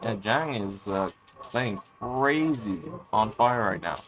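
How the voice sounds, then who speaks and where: A man's voice: fairly low pitch, lively intonation, takes it slowly, a bit bright, highs cut off, soft background music. A young man giving crude, joking, offhand live game commentary. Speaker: esports commentator.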